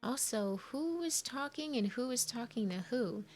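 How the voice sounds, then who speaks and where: With lively intonation and a moderate pace, a fairly high-voiced woman narrates her video game session in a chatty way. She thinks aloud and gets puzzled by the menus, tossing in confused comments, as faint game music plays.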